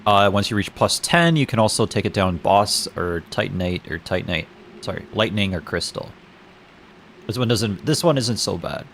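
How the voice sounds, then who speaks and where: A man with a somewhat low voice chats casually through a game stream. He rambles, swears, laughs at himself and trips over his own sentences. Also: expressive, moderate pace, vocal fry, a bit bright, a little hiss or hum. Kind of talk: casual gaming stream commentary.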